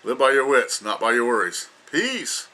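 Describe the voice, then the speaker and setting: A man's voice: medium pitch, brisk, bright, forceful tone. An older man giving an emphatic, lecturing opinion rant as a vlogger, repeating himself for emphasis.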